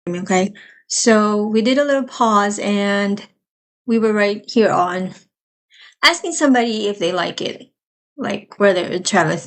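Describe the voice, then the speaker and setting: A woman teaching a live language lesson, explaining patiently and repeating each phrase slowly. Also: medium pitch.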